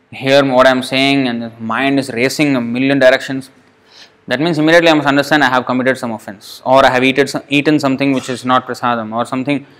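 A man's voice: medium pitch, fairly bright tone. Man giving a devotional sermon. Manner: storytelling, with frequent restarts and rhetorical questions; scolding, emphatic tone when addressing the mind. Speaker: preacher.

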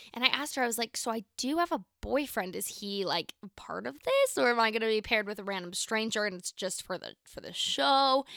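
A young woman of nineteen hosts her own podcast and tells a personal story in a chatty, animated way. Her voice is bright and slightly high. The sound is close and dry, and she keeps acting out both sides of the conversation. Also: no room sound. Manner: chatty, animated, lots of "like" and quoted dialogue. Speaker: podcast host. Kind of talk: casual storytelling.

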